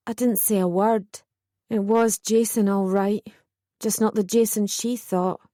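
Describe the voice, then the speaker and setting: A woman reading a first-person audiobook in measured, steady scripted narration. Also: medium pitch, no echo, clean studio sound.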